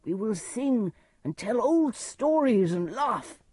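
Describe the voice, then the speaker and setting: An old, defeated king, as a woman narrator plays him, speaks slow and soothing in a husky, dry storybook voice. He sounds tender and resigned. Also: on the high side, sing-song, darkish tone, no echo, voice pushed up, full character voice.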